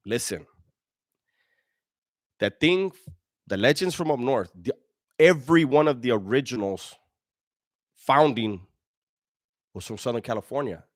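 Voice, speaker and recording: A man's voice: mid-range voice, animated, a little slow, pauses often, no room sound, studio quality. A middle-aged man hosting a live stream, reading and answering chat in blunt, profane street slang with frequent restarts. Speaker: livestream host answering chat.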